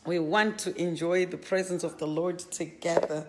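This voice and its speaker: A woman's voice: on the low side, normal speed, slight background noise. A woman hosting a live stream from her home, greeting viewers by name one after another and often repeating herself while setting up. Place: home living area set up as a studio.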